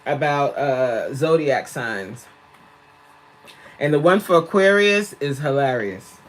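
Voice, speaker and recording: In a relaxed livestream, a female fitness coach takes it slowly, reading comments from viewers aloud and laughing often. Her rumbling low voice is animated, and a tablet mic captures it.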